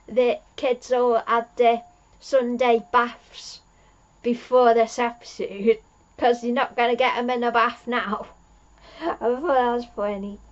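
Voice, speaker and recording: A woman's voice: fairly high pitch, dull audio. A woman recapping an episode in a rambling, chatty way, laughing at her own jokes. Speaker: fan reviewer.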